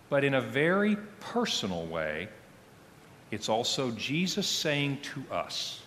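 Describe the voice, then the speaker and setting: A man preaches in a church sanctuary with a long, ringing reverb. His delivery is slow and solemn, with a lively, rising-and-falling pitch. His phrases often drop to a near hush at the ends. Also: slight background noise. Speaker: pastor. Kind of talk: sermon.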